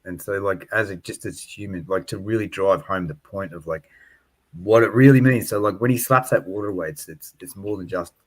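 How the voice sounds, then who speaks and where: A man's voice: sits low, a little fast. A man in casual book-discussion chat, earnest and reflective, with many filler words.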